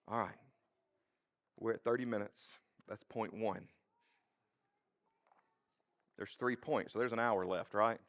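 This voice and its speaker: A man's voice: fairly low pitch, normal speed. A male pastor preaching a sermon in church, speaking in a casual way and addressing the congregation directly. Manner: conversational and expressive, talks to the congregation directly.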